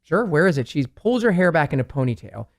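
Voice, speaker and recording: A man, a plastic surgeon, chatting on a talk show and telling patient stories in an animated way, acting out what his patients said. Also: a little high, a little fast. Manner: animated storyteller, quotes patients in lively voices. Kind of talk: casual talk-show conversation.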